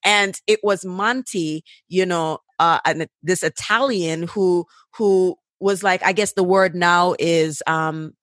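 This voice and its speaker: A middle-aged woman from Jamaica with a Jamaican accent. She is an author who tells lively stories in a casual interview. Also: on the low side, slow pace, hardly any pauses, no room sound, clean studio sound. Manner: lively storyteller, mixes Jamaican and American speech.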